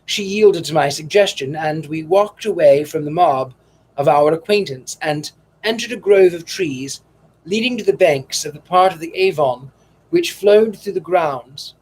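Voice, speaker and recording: A man narrating a classic novel with measured, dramatic storytelling. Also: on the high side, animated, darkish tone, husky. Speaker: audiobook narrator.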